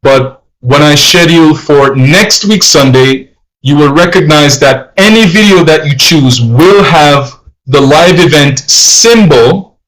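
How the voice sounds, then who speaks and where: A man's voice: fairly high pitch, slow pace, a bit bright, rough recording. A man teaching a live-streamed language lesson, patiently explaining and repeating phrases in Spanish and English.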